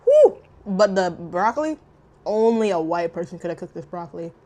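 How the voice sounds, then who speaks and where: Loud, profane young woman vlogging. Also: fairly low pitch, fairly quick. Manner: loud, profane, swings into shrieks and mutters. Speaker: mukbang vlogger. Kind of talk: casual eating vlog chat.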